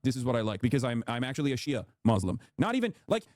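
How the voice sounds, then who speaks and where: A man's voice: medium pitch, sing-song, fast talker, a little mellow, dry recording. A male political streamer with a mid-range voice that leaps around, answering critics with biting sarcasm. He is recorded close and dry. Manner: sarcastic, combative. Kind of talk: heated political stream talk.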